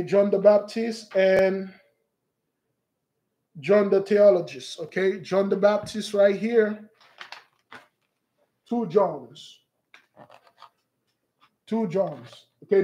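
Male stream host, high voice, unhurried, repeats himself with insistence. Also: mellow. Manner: emphatic, repetitive, preachy. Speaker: online show host. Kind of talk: livestream commentary.

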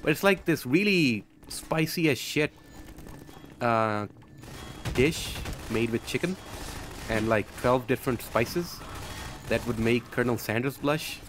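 A man's voice: medium pitch, animated, a little slow, pauses often, a bit bright, slight background noise. A young man from Pakistan, chatting casually and rambling on a live stream while gaming, swearing and joking often. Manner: rambling, profane, jokey, laughs often.

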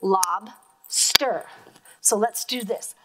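A woman's voice: a little high, animated, a little slow, heavy background noise. A woman teacher giving a phonics lesson to young children, patiently sounding words out letter by letter.

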